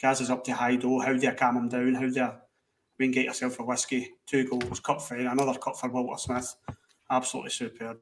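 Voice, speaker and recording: A man's voice: medium pitch, quick pace, slight background noise. A Scottish man on a podcast, telling a rowdy anecdote, acting out quotes and swearing freely. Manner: animated anecdote-teller, acts out quotes, swears. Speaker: podcast co-host. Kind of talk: casual storytelling. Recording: distant mic.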